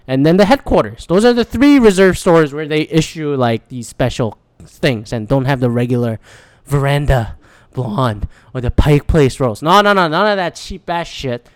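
A man's voice: mid-range voice, big pitch swings, normal speed, no room sound. Rambling, profane man telling a story. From lives in Michigan. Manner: rambling, profane, acts out quotes in a raised voice. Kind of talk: casual storytelling monologue.

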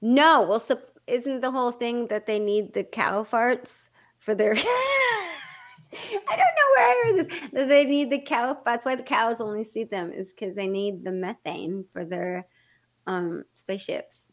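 A woman co-hosting a podcast in casual chat, excitable and quick to laugh, swearing freely and rushing some thoughts out in fast bursts. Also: a little high. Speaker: podcast co-host.

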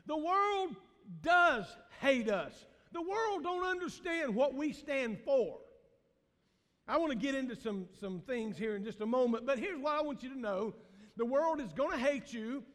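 A man, a pastor preaching a sermon in a folksy way, asking the congregation questions and laughing often. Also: very high-pitched. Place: church sanctuary. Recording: long reverb of a church hall.

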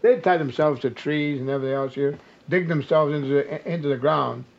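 Older man, veteran, higher voice, animated recollection, lo-fi sound. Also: fairly quick, gravelly. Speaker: war veteran interviewee. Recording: muffled lo-fi radio recording.

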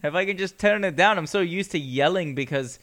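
A man's voice: high voice, fairly quick, a bit bright. A man hosting a podcast, chatting casually and cracking jokes. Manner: joking, chatty. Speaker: podcast host. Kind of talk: casual chat.

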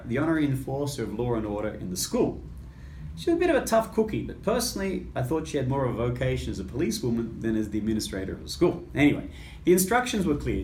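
A man, a Catholic priest, telling a personal story in a lively way and acting out the lines of the people in it. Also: mid-range voice, a little hiss or hum. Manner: lively storyteller who acts out quoted dialogue. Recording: roomy echo with faint ambience.

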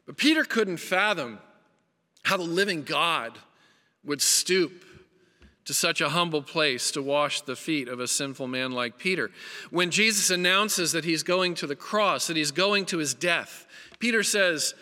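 A man's voice: fairly high pitch, unhurried, pushed and bright. Earnest man preaching in a reverberant hall. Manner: earnest, emphatic preaching with repeated phrases and restarts. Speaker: pastor. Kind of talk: sermon.

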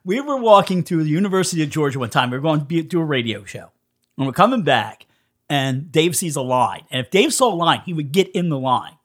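A man on the high side, talking briskly, appears as a podcast guest; he's a musician. Casual and animated, he laughs frequently while recounting stories and acting out what others said.

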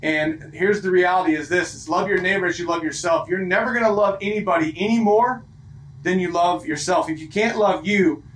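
A man in his thirties delivers a sermon like he's talking with friends, earnest and repeating his points. His voice sits a little high. The sound carries a noticeable room echo. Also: fairly quick, fairly bright tone, slight background noise. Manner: conversational, earnest, repeats phrases for emphasis. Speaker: pastor. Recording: echoey room.

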